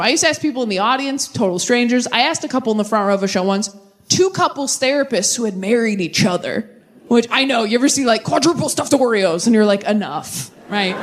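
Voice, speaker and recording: A young woman performs stand-up on a club stage into a handheld mic. Her delivery is animated, and she pops into high, exaggerated voices for the people in her stories. A faint hiss of noise sits under the recording. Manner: animated, jumps into high-pitched character voices. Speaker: stand-up comedian. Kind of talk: stand-up set. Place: comedy club stage with audience laughter.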